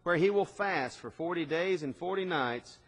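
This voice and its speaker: A man preaching a sermon, swinging between loud emphatic lines and quiet passages. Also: on the high side, expressive, normal speed. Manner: dynamic preaching with swings in loudness. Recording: long hall reverb.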